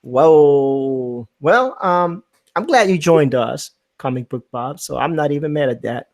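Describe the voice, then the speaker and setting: Chatty stream host, slightly high voice. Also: male voice, unhurried. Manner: relaxed, chatty, reads out viewer comments. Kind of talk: casual live-stream chat.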